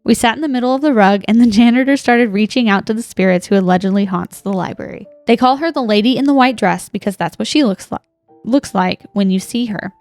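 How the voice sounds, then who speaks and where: A young woman reads a listener's ghost story aloud with dramatic pacing, like a podcast host sharing a spooky tale. Her voice sits a little high. Faint music runs underneath. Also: quick pace, a little mellow, no room sound. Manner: dramatic storytelling, reacts with gasps and laughs.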